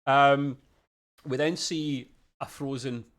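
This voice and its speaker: A man's voice: mid-range voice, fairly even intonation, takes it slowly, fairly bright tone. Chatty man hosting a review podcast. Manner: chatty, uses British slang like "bloody" and "mate". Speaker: podcast co-host. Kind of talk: casual review chat.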